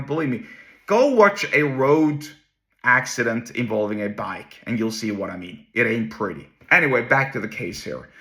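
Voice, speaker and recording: Guy rambling on his own show, bright voice, keeps restarting himself. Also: mid-range voice. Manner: rambling, many restarts and asides. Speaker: host. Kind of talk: casual solo talk.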